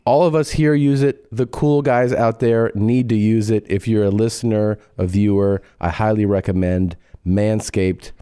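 A man's voice: lowish voice, steady tone, moderate pace, hardly any pauses, warm tone, clean tone, no echo, studio quality. A man co-hosting a comedy podcast, reading sponsor ads in a jokey, offhand, rambling way. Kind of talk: casual ad read.

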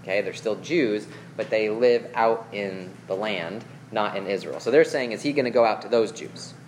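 Here a man reads scripture aloud and then explains it in a relaxed, conversational Bible lesson, speaking at a moderate pace in a fairly low voice. He keeps asking listeners questions and saying "okay?", with a slight hiss or hum in the recording.

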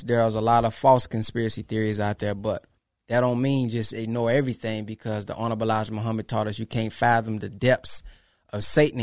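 A man's voice: mid-range voice, darkish tone, no room sound, clean studio sound. Emphatic man preaching to followers. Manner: preachy, emphatic, repeats phrases; acts out quoted exchanges. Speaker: podcast host. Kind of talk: casual monologue to followers.

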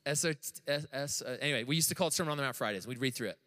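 An American man preaching a sermon to a live congregation, telling stories in an animated, joking way. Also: mid-range voice, fast, big-room sound. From United States. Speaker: pastor. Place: church room with audience.

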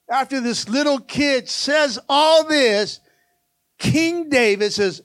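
A male pastor preaching an animated sermon, calling out to the congregation again and again. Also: extremely high pitch, slow pace, no echo, studio quality.

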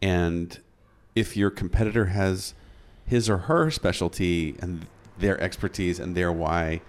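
A man with a fairly low voice hosts a conversation, enthusiastic and encouraging as he asks his guest questions. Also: measured pace. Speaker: interviewer and consultant. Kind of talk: casual interview conversation.

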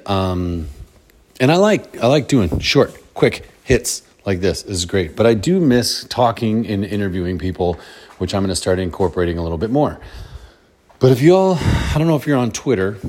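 A middle-aged man hosts his own podcast solo, his voice low and a bit dark. He talks in a casual, upbeat, motivational way, rambling and restarting sentences as he goes.

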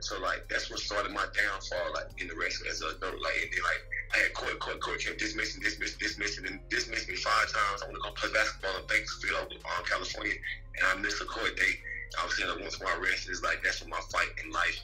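A man in casual podcast chat, telling his own story fast, with lots of swearing and fillers. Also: sits low, little pitch movement, sharp tone, faint music behind, low-quality recording.

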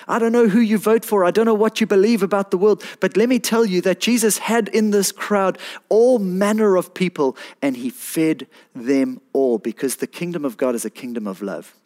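A man preaching, his voice pitched a little high for a man. He talks in an animated, pleading way and builds to emphatic peaks. It sounds like a sermon from a pastor to his congregation.

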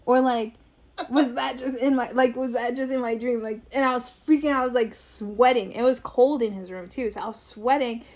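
Young woman, podcast co-host, chatty and animated, slightly high voice. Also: normal speed. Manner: animated, laughs often, acts out quotes. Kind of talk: casual storytelling.

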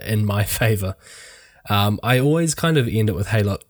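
A man's voice: lowish voice, animated, normal speed, no room sound, clean studio sound. A young adult man, a wedding photographer with a sore throat, chatting casually with a rambling, hedging manner. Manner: rambling, hedging, many fillers. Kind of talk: casual podcast chat.

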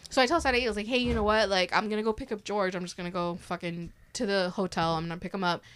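A woman host telling a scary story in casual chat, animated and profane, acting out the people she quotes. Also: medium pitch, fast talker, smooth.

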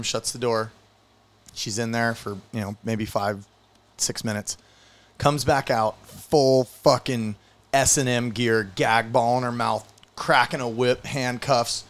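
A man telling a long bar joke in casual chat, acting out the characters' lines. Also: medium pitch. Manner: relaxed storyteller, acts out voices in quotes.

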